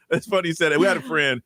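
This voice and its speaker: A man's voice: on the high side, no room sound. A man hosting a morning radio show, bantering with his co-hosts, laughing often and reading out the call-in numbers. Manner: lively, laughs often, reads phone numbers. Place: radio studio. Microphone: studio microphone.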